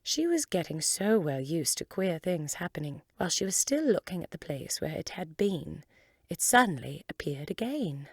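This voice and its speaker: Woman, storybook reading, calm and measured, low voice, gravelly, dry sound. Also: no echo. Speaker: volunteer reader.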